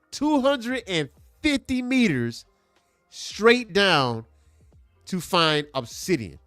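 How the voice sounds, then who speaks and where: Man, casual comic review, higher voice, very expressive, repeats himself for emphasis. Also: dry recording. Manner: animated, emphatic, repeats points for effect. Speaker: comic book show host.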